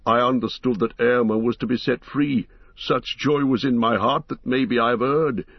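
A man's voice: medium pitch, steady tone, normal speed, slightly rough, dry recording, lo-fi sound. A man voicing a nervous male guard who speaks in a trembling, apologetic way in a storybook reading. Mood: anxious.

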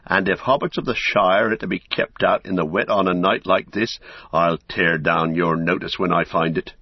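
A man voicing a defiant male hobbit in an audiobook, shouting back. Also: low-pitched, fairly even intonation, moderate pace, breathy edge, no echo, muffled recording.

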